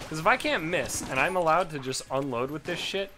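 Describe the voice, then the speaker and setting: Guy doing let's play commentary, swears a lot, gets loud and mad, game music going underneath. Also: fairly high pitch, animated, a little fast. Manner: profane, swings into loud frustrated outbursts. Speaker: gaming YouTuber.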